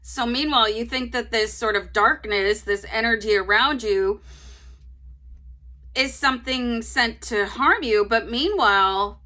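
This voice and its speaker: A woman's voice: on the high side, measured pace, sharp tone. A woman giving a casual tarot reading to her viewers, chatty and rambling, breaking into laughter often. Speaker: tarot reader.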